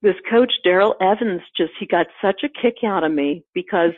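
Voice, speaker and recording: An American woman guest, a composer and conductor, telling lively stories and acting out the people she quotes. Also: fairly low pitch, normal speed, breathy edge, no room sound. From United States. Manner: lively, laughing often, acts out quoted people. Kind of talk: animated storytelling in an interview. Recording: tinny phone-line sound, dry.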